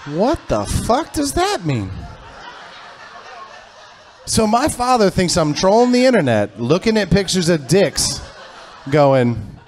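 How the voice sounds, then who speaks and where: A middle-aged man performing stand-up on a comedy club stage, telling a story that builds to loud, animated punchlines. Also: high-pitched, slow, pauses often, a little hiss or hum.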